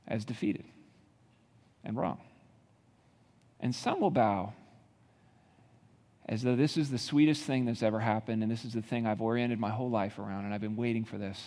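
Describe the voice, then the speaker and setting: A male pastor delivers a sermon in a mid-pitched voice and builds up to emphatic rhetorical questions. His voice carries a long reverb, as if he is speaking in a large hall.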